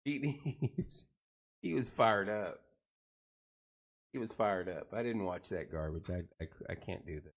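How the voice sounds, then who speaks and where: Greeting viewers and telling lively stories, a middle-aged live chat show host jokes and rambles. His voice sits on the low side, and he keeps a measured pace broken by long pauses.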